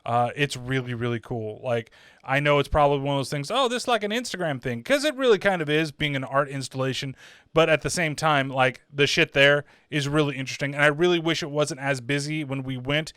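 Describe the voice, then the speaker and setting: A man's voice: medium pitch, brisk, a bit bright, clear, resonant tone, no echo, studio quality. A man hosting a casual horror film review, rambling and swearing freely with lots of "like" and "uh" fillers. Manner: rambling, profane, full of fillers like "like" and "uh". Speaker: horror movie reviewer, channel host.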